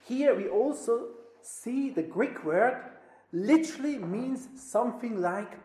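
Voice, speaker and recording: A woman preaching a sermon, swinging between loud emphasis and near-whispers. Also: sits high. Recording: roomy echo.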